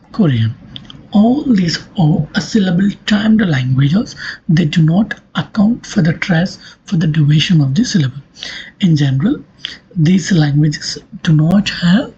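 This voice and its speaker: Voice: medium pitch, a little mellow, a little hiss or hum. A lecturer giving a recorded academic talk, explaining step by step and repeating points. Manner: slow, repetitive, step-by-step explaining. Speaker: linguistics lecturer. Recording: dull lo-fi recording.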